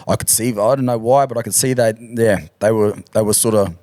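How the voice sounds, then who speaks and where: A man, a rugby league player and podcast guest, telling stories in a relaxed, halting way and laughing easily. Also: lowish voice, dry recording, clean studio sound. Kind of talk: casual storytelling chat.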